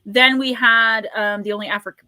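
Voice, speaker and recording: A woman in her forties hosting a casual live psychic stream, chatty and quick to laugh as she talks straight to her viewers. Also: a little high, steady tone, pushed and bright, no echo. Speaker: psychic livestream host.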